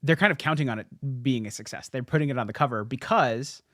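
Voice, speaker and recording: A young man hosting a casual podcast, retelling old comic stories with lots of "like"s and quick restarts. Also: mid-range voice, no echo, clean studio sound. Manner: animated storyteller, many "like"s and restarts. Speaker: podcast host. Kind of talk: casual comic-history chat.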